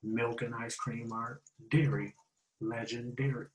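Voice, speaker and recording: A man hosting a casual breakdown of battle rap lines, repeating and slowly spelling out the wordplay in street slang. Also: medium pitch, flat delivery, slight background noise, poor audio.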